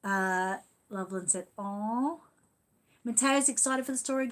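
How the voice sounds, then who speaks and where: A woman's voice: a little high, takes it slowly, pauses often. A middle-aged Australian woman chatting casually on a livestream, rambling and cooing affectionately as she reads viewer comments. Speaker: livestream host.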